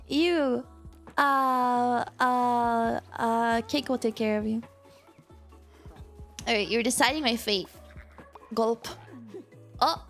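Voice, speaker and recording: A woman streaming a game and chatting casually with viewers. Her voice sounds strained and tired, and she is excitable and apologetic, breaking into loud squeals. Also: fairly high pitch, slow, creaky, pauses often, soft background music. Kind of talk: casual gameplay chat with viewers.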